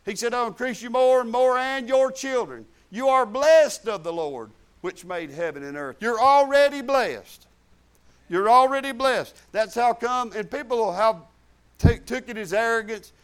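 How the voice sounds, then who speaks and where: A man's voice: extremely high pitch, animated, normal speed, clear, resonant tone. A middle-aged man preaching a sermon in a folksy, emphatic way, repeating phrases for stress.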